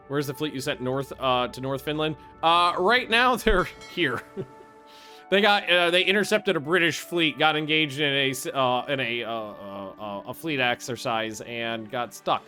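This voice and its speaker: A man casually commenting on his own strategy game play, excitable, swearing freely and thinking aloud with restarts. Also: a little high. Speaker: gaming video host.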